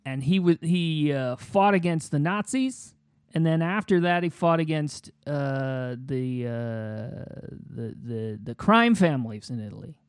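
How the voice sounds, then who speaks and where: Halting man riffing, dry close sound. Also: a little high, lively intonation, clear, resonant tone, no echo. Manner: halting, many fillers and restarts, chuckling. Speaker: improv pitch guest. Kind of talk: casual improvised chat.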